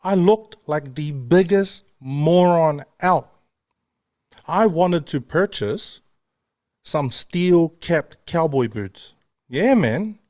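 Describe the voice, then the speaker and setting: A man's voice: on the high side, drawn-out words, darkish tone, dry recording, studio quality. A male radio host in casual chat, talking in a chatty, self-mocking way and laughing often. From not London.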